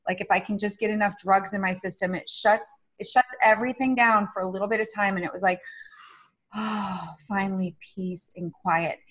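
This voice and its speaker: A woman's voice: medium pitch, fairly even intonation, quick pace, hardly any pauses. A middle-aged woman guest on a podcast interview, talking candidly and earnestly, with frequent fillers. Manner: earnest, confessional, uses many fillers.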